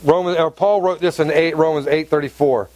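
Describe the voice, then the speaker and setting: A man with a high voice preaches to his congregation, driving his points home by repeating phrases. He keeps asking the room questions as he goes. His voice is close and dry. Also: steady tone, fairly quick, a little mellow, no room sound. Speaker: pastor. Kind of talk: sermon. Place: church hall with congregation.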